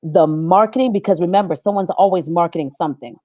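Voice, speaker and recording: Talk-show guest, female, lively storyteller who acts out her quotes, dry and a bit dull on the mic. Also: on the low side, fast talker, no echo. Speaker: social media advisor, guest. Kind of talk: casual chat, storytelling.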